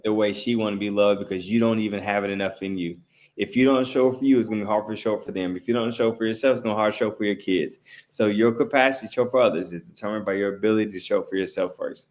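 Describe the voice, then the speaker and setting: A man with a fairly low voice co-hosting a podcast. He drives his points home with repetition and a preachy, emphatic delivery. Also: quick pace, darkish tone. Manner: emphatic, preachy, repeats key lines. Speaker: podcast co-host. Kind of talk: casual podcast chat.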